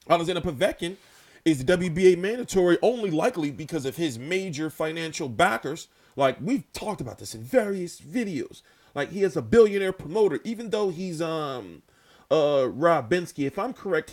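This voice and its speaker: A man's voice: fairly high pitch, darkish tone. Rambling, profane boxing vlogger man. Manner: loose, rambling, profane, with many fillers. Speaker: boxing commentator, channel host. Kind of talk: casual boxing talk commentary.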